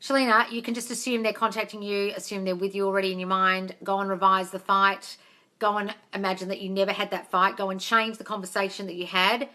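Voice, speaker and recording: A woman with a bright, forceful voice runs a casual live-stream Q&A from a phone at home. She coaches bluntly, swears without a second thought and keeps calling her listeners darling. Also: mid-range voice, little pitch movement, fast talker. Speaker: manifesting coach answering live questions.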